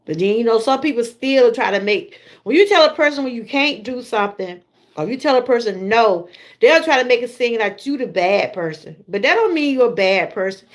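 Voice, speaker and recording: A middle-aged woman with a Southern US accent, chatting casually to her viewers on a livestream and laughing often. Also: a little high. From Georgia, USA. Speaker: livestream host.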